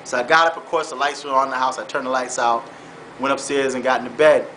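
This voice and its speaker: Earnest man recounting a dream, forceful. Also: mid-range voice, fairly even intonation, slight background noise, poor audio. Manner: earnest, halting, repeats words and says "man". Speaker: vlogger. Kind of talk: personal storytelling turning into faith-based exhortation.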